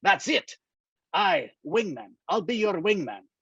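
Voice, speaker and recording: A gruff older man with a wry, teasing streak, as a reader puts him on. He speaks a little high for a man, and the dull, dry recording mutes his voice. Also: sing-song, unhurried, a bit bright, dry recording, full character voice. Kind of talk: reading a novel aloud. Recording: dull, muffled dry sound.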